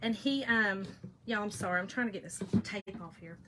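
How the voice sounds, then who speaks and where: A woman's voice: mid-range voice, moderate pace, fairly bright tone, slight background noise. A woman with a Southern US accent chatting and telling stories to her livestream viewers while she works on a craft project, laughing often. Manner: talkative, laughs often, speaks to chat as "y'all".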